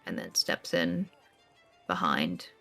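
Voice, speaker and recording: A woman's voice: very deep voice, big pitch swings, slow pace, creaky, a bit bright, soft background music. A woman narrating as game master, describing scenes in a rambling way with many fillers.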